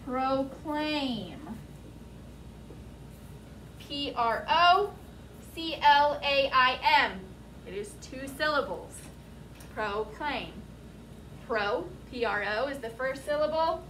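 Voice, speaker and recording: Woman teacher, high voice, unhurried vocabulary lesson, echoey classroom. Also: animated, noisy background. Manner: slow, deliberate, spells words out letter by letter. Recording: echoey classroom, mic at a distance.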